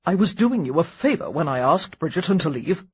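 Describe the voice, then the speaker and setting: A woman voicing an exasperated young gentleman in an audiobook, speaking in curt, blunt statements. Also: deep voice, big pitch swings, brisk, slightly rough, highs cut off, heavily acted.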